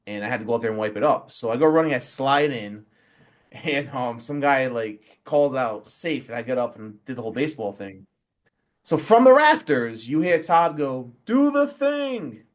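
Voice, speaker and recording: Animated forty-year-old man telling stories. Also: medium pitch, moderate pace. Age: 40s. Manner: animated storyteller who acts out quotes, many fillers. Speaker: pro wrestler and referee guest. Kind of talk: casual interview storytelling.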